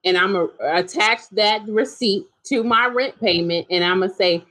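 A woman's voice: medium pitch, normal speed, a bit bright. A woman host chatting casually, with playful, supportive interjections. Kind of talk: casual chat.

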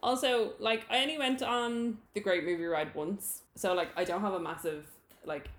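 A woman's voice: mid-range voice, fairly even intonation, normal speed, roomy sound. A woman with an Irish accent co-hosting a podcast in casual chat, emphatic and blunt in her opinions. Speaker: podcast co-host.

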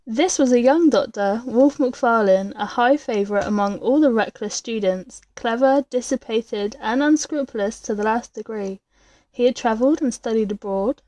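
A woman narrates an old tale in a measured, dramatic reading voice that is fairly high. Her tone is dark and mellow, and the recording is close and dry, with no room sound. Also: dry recording. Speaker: storyteller. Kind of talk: scripted story narration.

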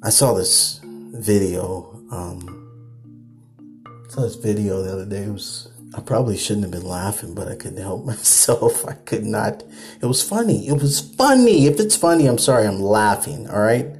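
A man's voice: on the low side, normal speed, a little mellow, soft background music. A man hosting a late-night podcast, ranting in a loose, repetitive way and laughing at himself. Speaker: podcast host.

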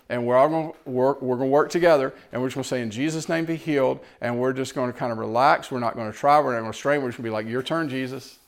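A man preaching a sermon, swinging between loud exhortation and quiet storytelling. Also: medium pitch. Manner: animated, rising to loud exhortation and dropping to quiet, tender storytelling.

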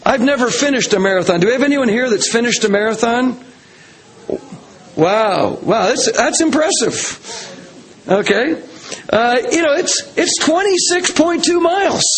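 A man's voice: very high-pitched, low-quality recording. A man preaching a sermon to a congregation, earnest and emphatic, stacking repeated phrases to build his points. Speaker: pastor. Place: church hall with a congregation.

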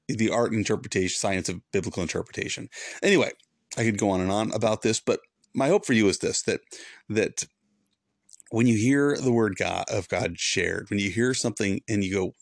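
A man's voice: fairly low pitch, creaky, no room sound, clean studio sound. A man who is a former pastor, hosting a devotional podcast in an earnest, preachy way and repeating points for emphasis.

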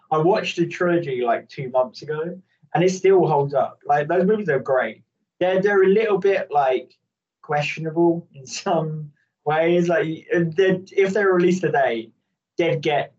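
A man chatting casually on a podcast, sweary and animated, often ranting. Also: on the high side. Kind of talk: casual chat. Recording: distant, dull lo-fi mic.

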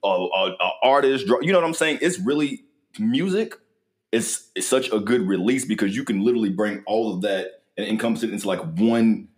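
A young man hosting a podcast interview in casual, joking chat, his voice jumping high when he gets excited. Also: brisk. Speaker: podcast host.

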